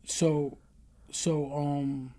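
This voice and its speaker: A man's voice: a little high, level tone, very slow, dark tone. A middle-aged man telling stories from his past in an interview, acting out the voices of the people in them and often asking "you know what I mean". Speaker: interview guest. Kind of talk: casual storytelling.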